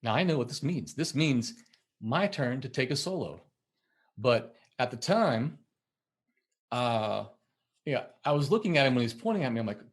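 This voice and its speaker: A middle-aged man, a musician and podcast guest, telling a story in a lively way and acting out the voices he quotes. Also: mid-range voice, moderate pace, long pauses. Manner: acts out quoted voices, laughs while telling. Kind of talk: animated storytelling in conversation.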